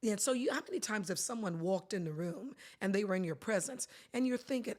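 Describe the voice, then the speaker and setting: A middle-aged woman speaking as an expert guest, explaining with emphasis and now and then dropping her voice to a hushed whisper for effect. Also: medium pitch, expressive, fairly quick, few pauses. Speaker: guest, body language expert. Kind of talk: animated conversational teaching.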